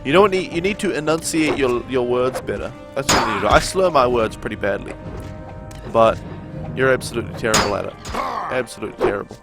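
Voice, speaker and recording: Young Kiwi streamer, New Zealand accent, mid-pitched and easygoing, chatting over loud game music. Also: male voice, a little fast, creaky. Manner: relaxed, rambling, laughs often. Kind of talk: casual chat while playing, reading out chat.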